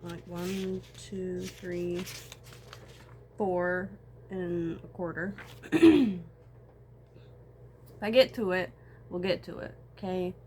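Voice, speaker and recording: A woman's voice: on the low side, extremely slow, long pauses, warm tone. A young woman talking to camera in a rambling, emotional personal vlog, swearing often and swinging between tears and laughter. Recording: faint background noise.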